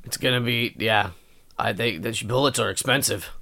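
A podcast co-host in loose, joking conversation, sitting at an ordinary middle pitch. The delivery is deadpan, building absurd bits with a straight face. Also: normal speed, gravelly. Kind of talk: casual comedic chat.

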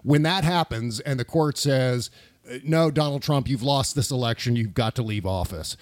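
A man on a political podcast, emphatic and animated, asking rhetorical questions in casual discussion. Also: mid-range voice, moderate pace, no echo.

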